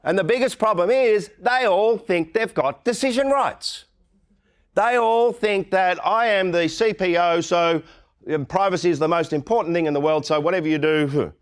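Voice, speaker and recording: A man's voice: sits high, moderate pace. A middle-aged Australian man giving a conference keynote talk, blunt and irreverent, often mimicking the people he mocks. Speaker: keynote speaker.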